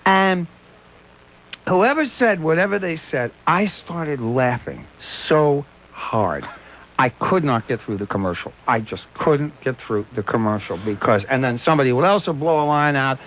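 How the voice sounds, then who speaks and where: A man hosting a radio show, telling stories in a casual, animated way and slipping into voices, heard on a dull lo-fi broadcast recording. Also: medium pitch, unhurried. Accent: Pittsburgh. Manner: animated, laughing, doing voices in quoted bits. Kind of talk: casual on-air storytelling. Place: radio studio.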